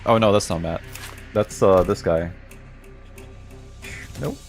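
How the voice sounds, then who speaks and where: A man's voice: on the low side, animated, slow, creaky. A young man streaming a game, reading chat aloud and joking around, laughing often. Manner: playful, jokey, laughs often. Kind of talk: casual live-stream commentary, reading chat. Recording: game music playing loudly behind.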